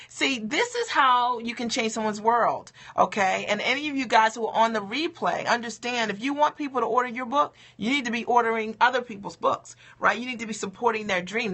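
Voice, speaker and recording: Bright, forceful woman coach cheering viewers on. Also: fairly high pitch. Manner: upbeat and encouraging, keeps asking "okay?" and "right?". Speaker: coach for mothers in business. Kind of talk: motivational livestream talk.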